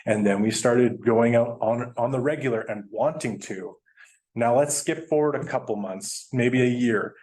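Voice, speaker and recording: Man, guest speaker, mid-range voice, lively storyteller. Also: mid-range voice, moderate pace. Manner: animated, chatty, laughs while telling. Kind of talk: storytelling presentation.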